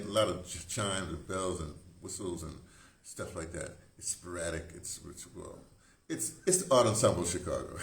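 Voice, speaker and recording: A man's voice: fairly low pitch, reverberant. A man hosting his own video, rambling off-script and cutting himself off as he jokes and wanders between thoughts. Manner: digressive, restarts often, jokes with himself. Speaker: video host, former radio broadcaster. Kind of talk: rambling casual monologue to camera. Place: indoor room with incense burning. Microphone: camera mic.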